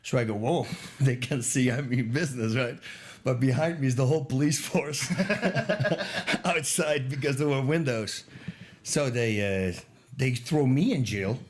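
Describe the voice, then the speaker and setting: Brief: male guest storyteller, animated, laughs at his own tale. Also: mid-range voice, measured pace. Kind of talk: casual anecdote telling.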